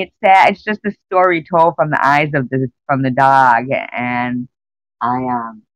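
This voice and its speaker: A woman's voice: very deep voice, no echo, lo-fi sound. Rambling woman chatting on a live stream. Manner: rambling and emotional, greets viewers by name. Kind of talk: casual live-stream chat with viewers.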